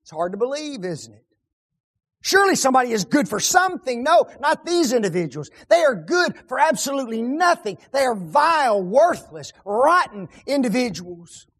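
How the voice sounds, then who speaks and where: A man preaching on a psalm, firing rhetorical questions and repeating key words, often dropping his voice to a hush. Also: very high-pitched, sing-song, normal speed, slightly rough. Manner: rhetorical questions, dramatic drops to hushed tones. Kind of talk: sermon on a psalm.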